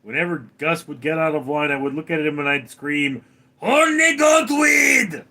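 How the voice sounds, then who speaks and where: A man hosting a casual livestream, reading chat comments aloud and answering with deadpan, sarcastic replies. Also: a little high, a little fast.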